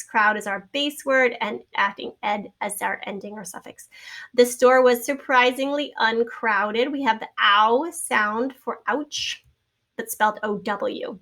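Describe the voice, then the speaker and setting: Patient teacher woman spelling out words. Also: on the high side. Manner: patient, spells out letters and sounds, trails into soft asides. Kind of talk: recorded spelling lesson.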